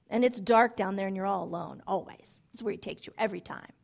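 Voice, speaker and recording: A middle-aged woman giving sermon-style Bible teaching to women, animated and emphatic, repeating phrases and dropping into soft asides. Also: medium pitch, fast talker, gravelly, hardly any pauses. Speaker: women's ministry speaker.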